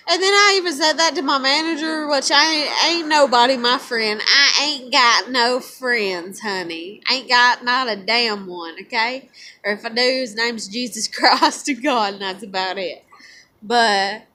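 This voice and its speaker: Woman vlogger, high voice, profane rambling rant to camera, noisy room. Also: sharp tone. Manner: profane, rambling, swings between bitter and teary. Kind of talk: drinking and ranting to camera.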